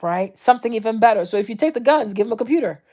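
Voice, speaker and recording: A woman from the Ivory Coast talking casually to camera, animated and often dropping into mocking impressions. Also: on the high side, racing. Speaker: vlogger.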